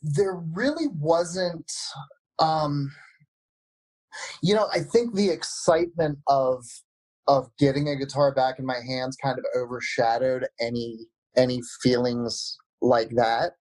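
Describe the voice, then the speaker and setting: Musician guy telling his story slow and thoughtful, dry close sound. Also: medium pitch, steady tone, a little mellow, dry recording, rough recording. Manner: reflective, measured storytelling. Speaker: musician guest. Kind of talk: casual interview answers.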